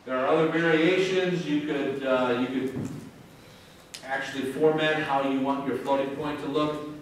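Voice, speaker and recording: A man's voice: mid-range voice, fairly even intonation, moderate pace. A male university professor giving a classroom lecture to students in a casual, joking manner. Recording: echoey hall from far off with faint noise.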